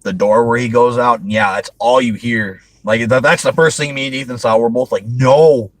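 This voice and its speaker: Brief: male host, mid-pitched, dry close sound, chatty and rambling, laughs a lot. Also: fairly even intonation, fairly quick, fairly bright tone, dry recording, rough recording. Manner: rambling, laughs often, frequent restarts. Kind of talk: casual movie review chat.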